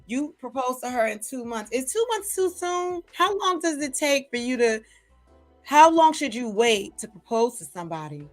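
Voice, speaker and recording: A woman vlogger, gossiping in casual commentary to a live chat, chatty and animated. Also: high voice, normal speed, faint music behind.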